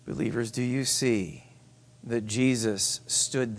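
A man preaching a sermon as pastor, emphatic and repetitive, sometimes dropping to soft asides. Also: mid-range voice, a little slow.

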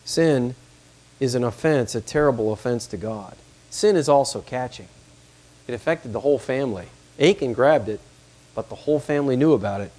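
A man's voice: mid-range voice, normal speed, darkish tone. A man preaching a sermon, reading scripture aloud and pressing his points with emphasis. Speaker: pastor.

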